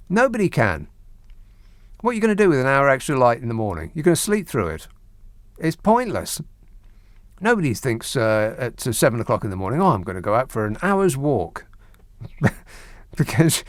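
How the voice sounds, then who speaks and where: A man's voice: medium pitch, no room sound. Male radio host, middle-aged, dry studio mic, wry and rambling with mock outrage. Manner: wry, rambling, mock-indignant rants with hesitant restarts. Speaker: radio talk show host. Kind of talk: late-night radio phone-in chat. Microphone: studio microphone.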